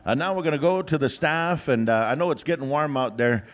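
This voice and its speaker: A man's voice: on the high side, animated, fairly quick. A man emceeing a powwow outdoors, drawing out names as he announces them, with frequent "uh" fillers and joking asides. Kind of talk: live announcing with jokes.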